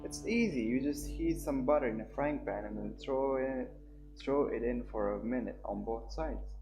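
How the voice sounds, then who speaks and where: A young man reads a visual novel aloud on stream. He is lively, pushing his voice up for the dialogue and breaking off to react. Guitar music plays behind him. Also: normal speed, vocal fry, low-quality recording. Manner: animated, voices the dialogue lines higher and louder.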